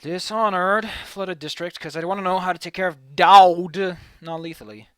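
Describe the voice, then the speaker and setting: A man's voice: sits high, steady tone, normal speed, pushed and bright, clean tone, dry recording. A young man commentating a game, giggling, rambling and swearing casually. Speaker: let's play host. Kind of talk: gameplay commentary.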